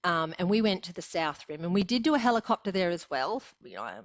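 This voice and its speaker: A woman's voice: fairly low pitch, expressive, quick pace, dry recording, highs cut off. Chatty Australian woman in her sixties. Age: 60s. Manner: chatty, laughs often while telling stories. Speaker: podcast guest. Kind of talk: casual storytelling.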